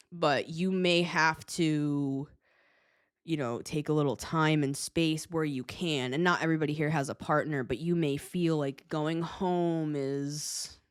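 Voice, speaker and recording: Low-voiced chatty woman reading tarot. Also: no room sound, studio quality. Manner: chatty, swears freely, laughs often. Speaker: tarot reader.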